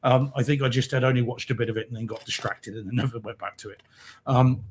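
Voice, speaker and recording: A man's voice: mid-range voice, steady tone, fast, husky. A British man co-hosting a casual live-stream chat, rambling and hesitant with lots of ums, laughing often. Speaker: co-host. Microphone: remote video-call mic.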